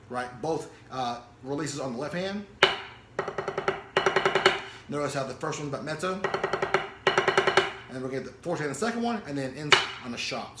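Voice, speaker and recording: A man teaching a drum section, talking in an easygoing coaching way and counting off beats and sticking patterns. His voice rings through an echoey room while loud drums play. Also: medium pitch, animated, a little fast, over loud music. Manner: counts rhythms aloud and vocalizes stickings. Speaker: drum instructor. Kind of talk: casual instructional talk.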